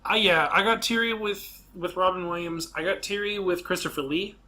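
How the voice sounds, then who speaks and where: Bright-voiced young man rambling excitedly. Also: high-pitched, moderate pace. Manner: rambling, restarts often, enthusiastic film fan. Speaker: podcast host. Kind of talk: casual chat.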